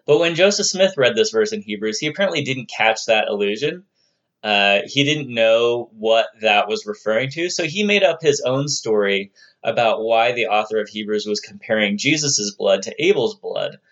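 A man's voice: on the low side, expressive, moderate pace, a bit bright, highs cut off. A man giving an explanatory lecture on religious texts, in a conversational tone with the odd playful aside. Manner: conversational, occasionally puts on playful voices for quoted figures.

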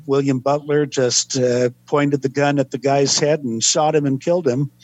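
A man, a historian guest on a podcast, recounting events in a measured, unhurried way with frequent pauses. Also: mid-range voice, a little mellow, dry recording. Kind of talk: podcast interview storytelling.

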